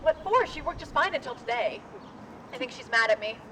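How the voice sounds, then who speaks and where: A woman's voice: sits high, lively intonation, a little fast, background noise. A woman playing a grumpy, late-running chorus girl. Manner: curt, grumbling. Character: sleepy, tardy, grumpy 1920s chorus girl. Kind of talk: live street theatre. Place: outdoors on a street.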